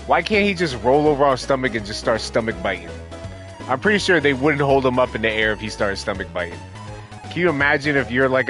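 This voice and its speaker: A man's voice: medium pitch, expressive, fast, a bit bright. A young man streaming a game, chatting casually with viewers and reading the characters' lines aloud in different voices. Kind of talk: casual let's play commentary with character voices. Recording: faint game music behind.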